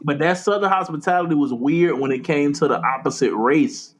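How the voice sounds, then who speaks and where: A fairly high-voiced young man from Florida chats on a faith podcast. He acts out other people's lines in stories and laughs often. His delivery is loose and conversational. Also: fairly quick. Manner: animated storyteller, acts out quotes, laughs often. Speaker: podcast co-host. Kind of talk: casual chat.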